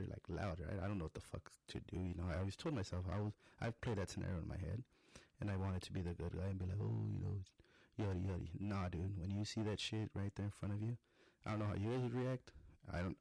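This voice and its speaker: A man's voice: low-pitched, vocal fry, darkish tone, husky, no echo. A young adult man on a podcast, telling a rambling, profane story in a casual monologue. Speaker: podcast host.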